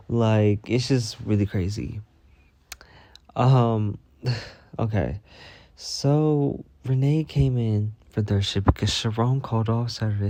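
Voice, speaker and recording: A man's voice: medium pitch, dark tone, no room sound. A man hosting a casual storytime vlog, gossiping about coworkers in a blunt, profane way and repeating lines for emphasis. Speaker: vlog host.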